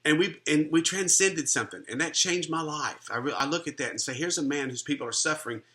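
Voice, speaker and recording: A middle-aged man tells a personal story about friendship with bright, clear-edged energy. His delivery is earnest and conversational, full of small restarts as he gathers his thoughts. He sounds like a minister sharing a testimony. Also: on the high side, quick pace. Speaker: Christian minister and life coach.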